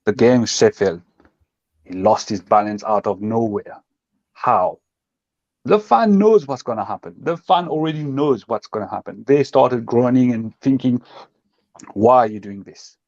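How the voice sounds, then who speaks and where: A man's voice: medium pitch, unhurried, a little mellow, no echo, lo-fi sound. A man co-hosting a football fan show, talking passionately and emphatically in casual chat and acting out what others say. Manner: passionate, emphatic, acts out quotes.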